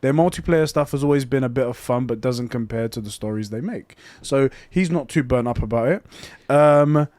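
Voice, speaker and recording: Young male podcast co-host, mid pitch, laid-back and sweary, dry booth sound. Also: normal speed, hardly any pauses, no echo. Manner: relaxed, swears casually, laughs easily. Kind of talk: casual chat, reading listener messages.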